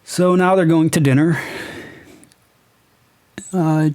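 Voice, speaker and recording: A man's voice: a little high, fairly even intonation, measured pace, gravelly, long pauses, a little mellow. A young man giving a casual, sarcastic review, incredulous and swearing as he picks apart what he is reading. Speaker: comic book reviewer. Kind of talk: casual ranting review commentary.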